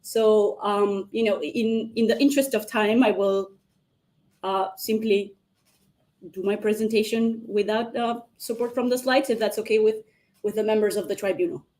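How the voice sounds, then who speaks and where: A woman makes a formal argument over a video call, in a measured way. She speaks as counsel in a mock hearing and addresses the members of the tribunal directly. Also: mid-range voice, steady tone, a little mellow. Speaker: counsel arguing against the motion.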